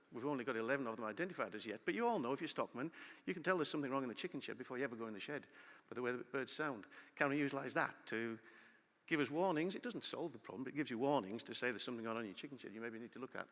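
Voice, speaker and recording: A middle-aged man giving a lively conference talk and asking the audience questions. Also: medium pitch. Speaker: conference speaker. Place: large conference hall. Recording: long hall reverb.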